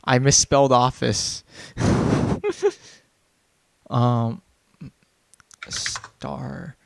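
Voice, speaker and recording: A man's voice: medium pitch, level tone, drawn-out words, vocal fry, no room sound. A young man hosting a casual game stream with friends, guessing aloud and laughing. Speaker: stream host. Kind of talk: casual gaming chat.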